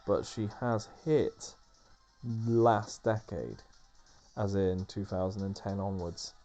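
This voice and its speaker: A man's voice: fairly low pitch, fairly even intonation, takes it slowly, mellow, faint music behind. A man rambling casually over gameplay as a let's play host, with lots of fillers and restarts. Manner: rambling, filler-heavy chatter.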